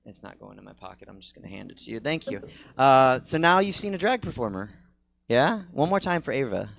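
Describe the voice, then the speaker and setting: A man's voice: medium pitch, very animated, brisk, creaky, fairly bright tone, slight background noise. A man hosting a comedy show on stage, introducing acts in a casual, hesitant, humble way. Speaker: show host.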